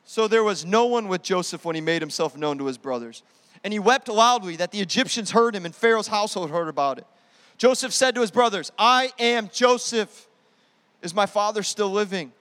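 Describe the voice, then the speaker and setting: Preaching as a pastor, a young adult man speaks fairly quickly in a high-sitting voice, alternating animated, loud declarations with quiet, intimate asides. A long reverb tail follows his words.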